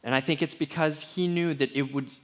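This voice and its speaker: A middle-aged man preaching a sermon as pastor, candid and conversational, sometimes dropping to a hushed voice. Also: fairly high pitch, fairly even intonation, a little fast.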